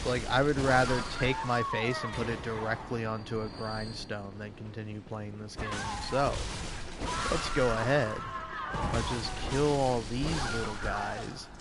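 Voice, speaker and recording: A man giving sarcastic, profane, rambling commentary over a video game as he plays. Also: mid-range voice. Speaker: gaming video creator. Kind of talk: gameplay commentary.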